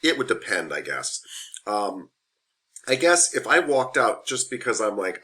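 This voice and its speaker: Man, instructor, frank classroom lecture, lowish pitch, tense bright tone. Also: big pitch swings, moderate pace. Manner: frank, conversational, repeats key points. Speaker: massage therapy instructor.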